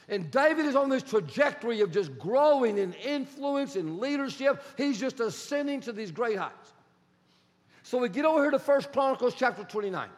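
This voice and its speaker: A man preaching a sermon as a pastor, animated and acting out the dialogue he retells. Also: very high-pitched, moderate pace, long reverb tail. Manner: animated, acts out quoted dialogue.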